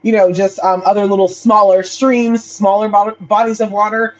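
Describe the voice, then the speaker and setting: A relaxed woman podcast co-host chatting loosely, her thoughts wandering with plenty of fillers and quick laughs. Her voice sits in a middle range, and the recording is a touch muffled and lo-fi. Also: mid-range voice. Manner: laid-back, laughs often, rambling fillers. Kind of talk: casual chat.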